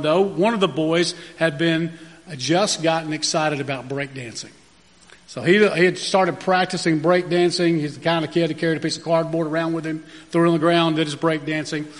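A man's voice: on the high side, fairly even intonation, moderate pace. A man, a pastor, telling folksy anecdotes in a sermon, with frequent fillers and restarts. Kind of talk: storytelling sermon. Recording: long reverb of a large room.

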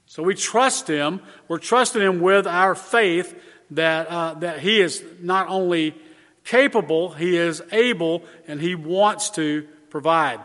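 A man preaching a sermon as pastor, earnest and measured, stressing key words by repeating them. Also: high-pitched, fairly bright tone. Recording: long hall reverb.

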